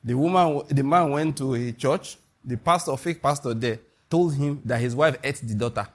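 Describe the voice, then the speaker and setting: A man with a Nigerian accent preaching a sermon as a pastor, animated and emphatic, with sudden high rises on key points. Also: moderate pace.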